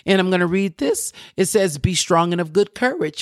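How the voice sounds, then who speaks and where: A woman preaching an encouraging sermon, fervent, often breaking into praise and slowing down to read scripture aloud. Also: on the low side, animated, no echo, clean studio sound. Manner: fervent, repeats praise exclamations. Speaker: preacher and podcast host.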